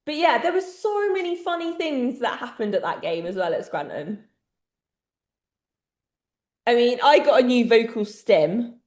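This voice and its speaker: A woman's voice: a little high, big pitch swings, measured pace, pauses often, a little mellow, roomy sound. An English woman co-hosting a podcast, telling stories in casual chat and laughing often. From England. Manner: chatty storyteller, laughs often. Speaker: podcast co-host.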